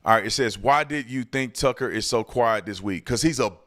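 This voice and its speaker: A man's voice: mid-range voice, brisk, a bit bright. A man hosting his own show, answering viewer questions and ranting heatedly, often restarting his sentences. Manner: heated, ranting, repeats himself. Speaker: show host. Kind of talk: commentary and viewer Q&A.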